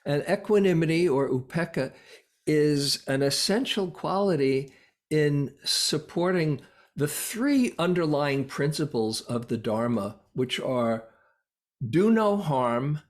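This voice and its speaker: A man with a fairly high voice teaches meditation through a Buddhist dharma talk. He takes his time, reflecting as he goes, with many pauses and soft fillers.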